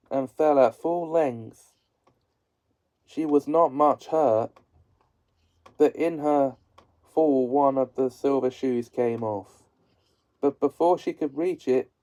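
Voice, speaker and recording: Slow, measured male storyteller. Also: mid-range voice, a little mellow, low-quality recording. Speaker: narrator. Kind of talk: audiobook-style reading.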